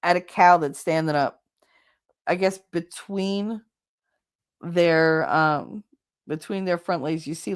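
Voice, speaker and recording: A woman with a New Jersey accent hosting a casual livestream chat, chatty and blunt, her voice going hoarse from talking so long. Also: deep voice. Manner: chatty, rambling, blunt with swearing. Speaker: livestream host reading chat.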